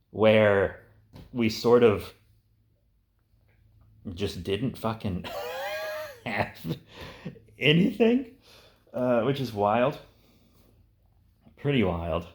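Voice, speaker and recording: A young man with a fairly low voice talks casually, wandering through his ideas. He curses freely and leans on fillers like "uh" and "like" as he goes. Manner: rambling, profane, with frequent fillers. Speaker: host. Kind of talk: casual pitching of movie ideas.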